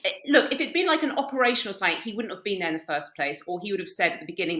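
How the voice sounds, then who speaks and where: A woman's voice: fairly high pitch, animated, fast talker, pushed and bright, reverberant. A woman, a podcast guest who tells stories bluntly, swears freely and laughs often. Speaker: podcast guest, dating coach. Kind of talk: casual podcast conversation.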